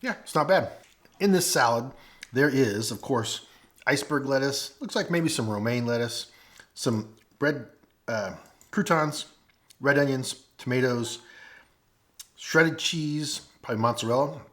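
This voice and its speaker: Lively, chatty man reviewing food. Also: mid-range voice. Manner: chatty, folksy and lively, pausing to taste food. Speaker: food vlogger. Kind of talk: casual food review vlog. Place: at home.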